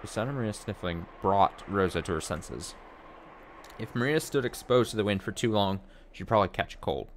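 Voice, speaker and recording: Low-voiced man reading a game aloud. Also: lively intonation, fairly quick, a little hiss or hum. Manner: reads narration, then breaks off to react and joke. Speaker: let's play streamer.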